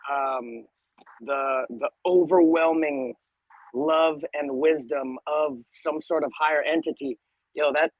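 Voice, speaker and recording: A man talks in a reflective, thoughtful way, often stumbling over the first word before he goes on. His voice sits a little high. The sound is dry and close. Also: no echo, poor audio. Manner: thoughtful, stammers on first words. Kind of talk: reflective casual conversation.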